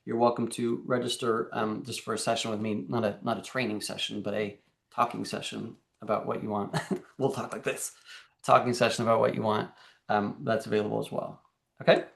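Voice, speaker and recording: A man presenting his coaching program to a group on a video call, energetic and checking in often with "okay?" and "all right?". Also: on the low side, brisk, gravelly. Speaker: life and fitness coach.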